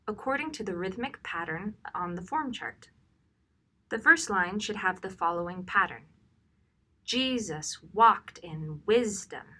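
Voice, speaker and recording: A woman giving scripted instructional narration, slow and deliberate, reading examples aloud in a stressed rhythm. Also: mid-range voice, sharp tone. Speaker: training narrator.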